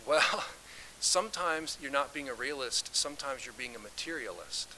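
A man's voice: mid-range voice, expressive, moderate pace, pushed and bright, a little hiss or hum, poor audio. A man leading an interactive Bible study who talks conversationally, puts questions to the group and reads scripture aloud with emphasis.

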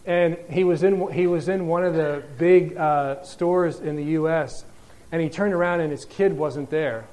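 A man's voice: fairly high pitch, fairly even intonation, measured pace, darkish tone. A man preaching a sermon in a conversational, explanatory way, often restarting his sentences.

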